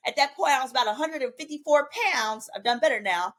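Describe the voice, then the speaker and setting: A woman with a Southern US accent, a podcast guest telling a personal story in an animated, emphatic way, acting out the dialogue she quotes and cursing freely. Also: high-pitched, fast talker, hardly any pauses. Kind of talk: animated storytelling in casual chat.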